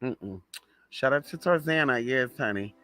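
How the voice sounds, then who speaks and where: Hosting a laid-back live stream, a young man from the American South is sassy and flamboyant, calling his viewers "honey" and slipping into quiet muttered asides. His bright, forceful voice has lively intonation at a measured pace, and the recording is dry.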